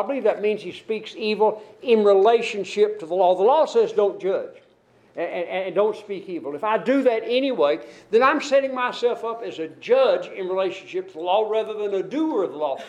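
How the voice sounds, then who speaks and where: In a low-quality recording, a high-voiced man preaches to his congregation, earnestly quoting and explaining scripture with emphasis that rises and falls.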